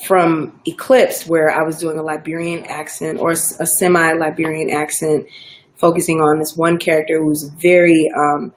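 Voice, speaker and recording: Low-voiced Southern woman, chatty. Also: moderate pace, slight background noise. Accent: Southern American. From Georgia, US South. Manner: relaxed, chatty, many fillers and restarts. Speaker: actor guest. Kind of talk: casual interview chat.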